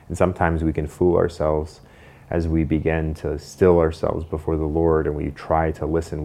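Male pastor, calm measured sermon delivery, dark flat low voice. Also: creaky.

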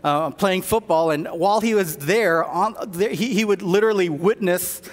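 A man's voice: high voice, moderate pace, big-room sound. A man preaching a sermon in a church, telling stories with many fillers and restarts. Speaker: pastor.

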